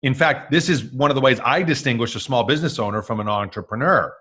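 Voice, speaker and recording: An upbeat man hosts a live webinar masterclass in a plain mid-range voice. He keeps a lively presenting energy and drops in jokes and fillers. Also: medium pitch, fast talker, slightly rough.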